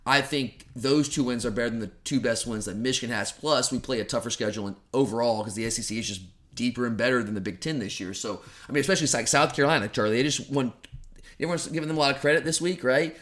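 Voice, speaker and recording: A man's voice: mid-range voice, fast talker, fairly bright tone. A man co-hosting a sports podcast, talking casually in a rambling, opinionated way about college football. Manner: rambling, opinionated, self-deprecating. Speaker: podcast co-host.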